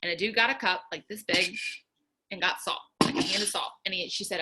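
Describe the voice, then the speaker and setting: A woman's voice: mid-range voice, fairly even intonation, brisk, heavy background noise. A young woman, giving a casual, earnest faith talk to her viewers, chatty with many fillers. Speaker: faith vlogger.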